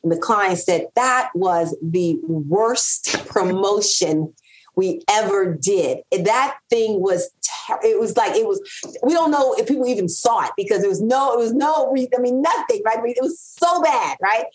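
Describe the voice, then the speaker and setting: A middle-aged woman who is not a native English speaker appears as a guest copywriter in a casual interview, animated and repeating phrases for emphasis. Her voice is fairly high and brisk, and the recording quality is low.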